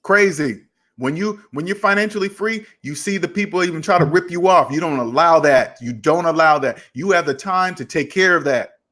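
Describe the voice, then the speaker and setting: Finance channel host, man, pitched high, tells a story in a lively way, voicing both sides of the dialogue. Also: moderate pace. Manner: animated, retells arguments with quoted dialogue. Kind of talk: casual storytelling to camera.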